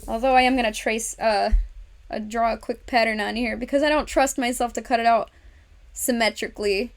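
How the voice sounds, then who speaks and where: A woman's voice: on the high side, steady tone, a little fast. A woman hosting a casual craft livestream, chatting to viewers and talking herself through each step with frequent laughs. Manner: speaks to viewers in chat. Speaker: livestream host.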